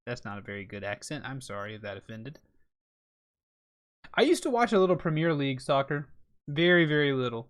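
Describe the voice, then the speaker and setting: A man's voice: medium pitch, very animated, a little fast, long pauses. Chatty American man streaming a game. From rural South Carolina, USA. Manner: chatty, reads out and answers chat. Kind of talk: live game streaming commentary.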